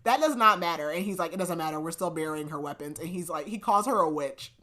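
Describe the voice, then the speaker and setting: A woman's voice: deep voice, fast talker. Chatty woman recapping a book. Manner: chatty, giggly, lots of "like". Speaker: podcast host.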